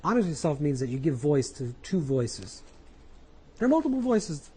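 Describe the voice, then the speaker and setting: Husky-voiced rabbi teaching earnestly. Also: male voice, on the high side, sing-song, moderate pace, dark tone, rough recording. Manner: earnest, repetitive, coaching listeners through inner dialogue. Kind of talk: spoken Torah class.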